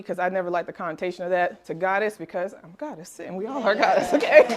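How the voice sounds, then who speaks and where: A middle-aged woman with a fairly low-pitched voice speaks to a class as a wellness teacher. She tells her story earnestly and openly, dotting it with fillers and small laughs. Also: slight background noise. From Nigerian family background. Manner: earnest and candid, with frequent fillers and light laughs. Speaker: holistic nutritionist and wellness teacher. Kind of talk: personal story told to a class.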